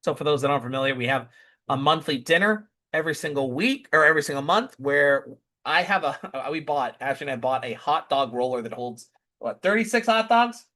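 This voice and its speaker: A man's voice: mid-range voice, brisk, sharp tone. Man, casual family update, rambling, lots of restarts, chatty, mid-range voice. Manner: rambling, with frequent restarts and self-corrections; chatty, easily amused. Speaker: vlogger.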